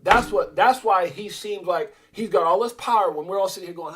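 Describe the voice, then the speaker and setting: A man's voice: high-pitched, a little fast. A man hosting a crypto livestream, ranting casually and animatedly, drifting off on tangents and answering his chat. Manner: animated, digressive, talks back to the chat.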